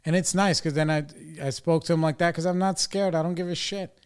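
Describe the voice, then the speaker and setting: A man's voice: a little high, steady tone, brisk, smooth. Profane, exasperated middle-aged man ranting. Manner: profane, exasperated, rambling storytelling. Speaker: podcast host. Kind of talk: casual recovery podcast rant.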